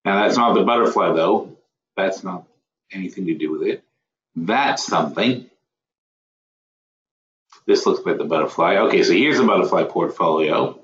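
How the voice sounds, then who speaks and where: Guy running a trading webinar, lowish voice, talks to himself a lot, echoey dull audio. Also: expressive, normal speed, long pauses. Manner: mutters to himself and scolds his software; rambling, self-correcting. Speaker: webinar host. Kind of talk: live trading webinar, thinking aloud.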